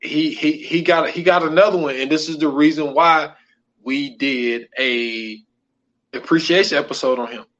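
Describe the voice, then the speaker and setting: A man chatting as a podcast co-host, his voice sitting a bit high. He talks loosely and circles back over his own phrases. The audio comes through dull and lo-fi. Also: moderate pace, fairly bright tone. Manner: loose, repeats himself, keeps saying "man". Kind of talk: casual podcast chat.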